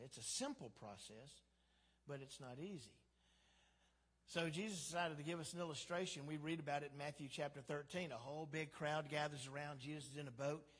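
A man with a husky, high-ish voice preaches a sermon as pastor in a church sanctuary, recorded with long hall reverb. His delivery is conversational and humorous, and he acts out quotes.

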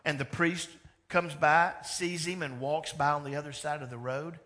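A man preaching a sermon as pastor, animated, moving between loud emphatic lines and hushed ones. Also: on the high side, moderate pace.

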